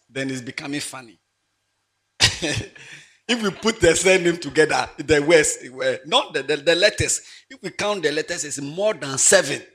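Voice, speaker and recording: A man preaching with a high, bright, ringing voice that leaps all over the scale. He jokes and laughs as he goes, shouting one moment and dropping to a near-murmur the next. It sounds like a lively church sermon. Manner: animated and playful, laughing often, swings from loud exclamations to quiet asides. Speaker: pastor.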